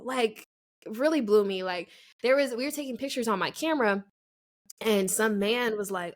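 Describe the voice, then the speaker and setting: A woman in her twenties, co-hosting a podcast, telling a story in casual chat and acting out the people in it with quick changes of voice. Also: on the high side. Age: 20s. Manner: animated, acts out quoted people, laughs often. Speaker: podcast co-host.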